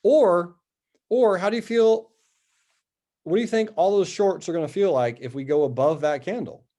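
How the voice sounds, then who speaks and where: A man's voice: high voice, normal speed, warm tone. A man hosting a live trading show, going over stock charts with upbeat, chatty commentary and answering viewer questions.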